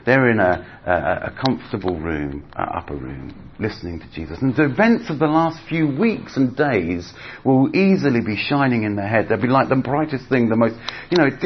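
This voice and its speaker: A man preaching a sermon in a chatty, conversational way, acting out voices as he retells stories. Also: mid-range voice. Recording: slightly dull audio with faint background noise.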